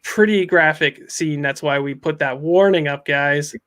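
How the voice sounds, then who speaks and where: High-voiced man reading a comic. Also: a little slow, fairly bright tone. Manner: casual, rambling, amused asides. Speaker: podcast host. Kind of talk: casual comic book read-along.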